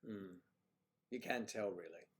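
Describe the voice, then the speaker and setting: An American man hosting a casual livestream, rambling and often clearing his throat while he fiddles with the audio. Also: fairly low pitch, a little slow. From United States. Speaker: livestream host.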